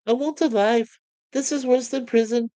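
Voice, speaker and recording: A woman reading the part of a bored young man who complains in long rants. The voice sits a little higher than her usual talk, with little put-on character, and the sound is dry and close. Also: fairly even intonation, moderate pace, dark tone, no echo, lightly acted. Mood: fed up. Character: bored, fed-up young man, a sitcom space slob.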